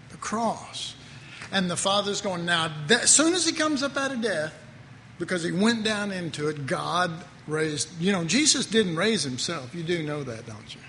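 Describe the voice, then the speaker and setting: Here a man preaches in a high, bright voice with a forceful edge, rambling conversationally through his sermon. He keeps cutting himself off and laughing at his own asides, all captured in an echoey hall with slight noise.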